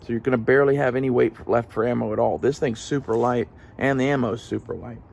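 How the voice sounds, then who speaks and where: A man with a gravelly, middle-low voice talks off the cuff for his vlog audience, loose and profane. His speech wanders, full of fillers and restarts. There is faint ambient hum in the background. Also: fairly even intonation, quick pace, a little mellow. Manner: casual, profane, rambling with fillers. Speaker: gun channel vlogger. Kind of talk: casual rambling gear talk.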